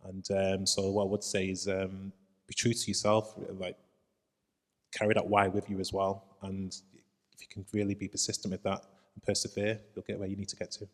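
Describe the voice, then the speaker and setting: Male panelist, very deep and flat, earnest with hesitations; reverberant hall. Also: normal speed. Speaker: panel speaker. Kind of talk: personal panel talk.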